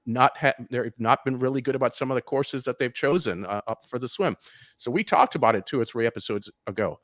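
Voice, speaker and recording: A man's voice: mid-range voice, brisk, no echo, clean studio sound. A man who coaches triathlon swimming, giving frank advice in a casual live interview over a video call, with many restarts.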